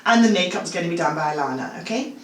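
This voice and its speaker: A woman in her sixties, a make-up artist, chatting and telling animated stories full of asides as a guest. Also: on the low side, very fast. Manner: animated anecdotal storytelling, full of asides like "you know" and "okay?". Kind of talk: casual chat. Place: home bathroom. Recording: roomy, distant-sounding, faint room noise.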